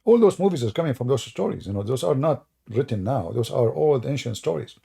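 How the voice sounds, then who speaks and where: Sarcastic guy ranting on a stream, gravelly low-key voice, keeps asking mocking questions. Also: expressive, a little fast, mellow. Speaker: online religious debate host. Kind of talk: mocking livestream commentary.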